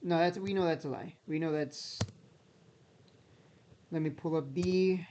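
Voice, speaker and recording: A man's voice: fairly high pitch, fairly even intonation, a little slow, a little mellow, slight background noise. A man giving casual, skeptical commentary, repeating himself as he talks and straining his voice. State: voice strained, near losing it. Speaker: stock market YouTuber.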